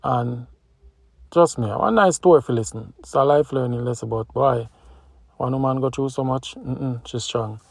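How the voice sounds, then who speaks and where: A man's voice: mid-range voice, normal speed, vocal fry, no echo. A man with a Jamaican accent, hosting his channel and chatting casually to viewers in a patois-flavoured way. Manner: chatty, patois-flavoured, jokes about his own words. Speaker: channel host.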